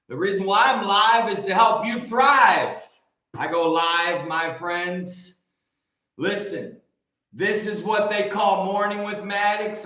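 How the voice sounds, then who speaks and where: An American man hosting a morning livestream, hyped and shouting out viewers by name with rhyming catchphrases. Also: high-pitched, heavy reverb, rough recording. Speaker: livestream host. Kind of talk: upbeat live-stream greeting viewers.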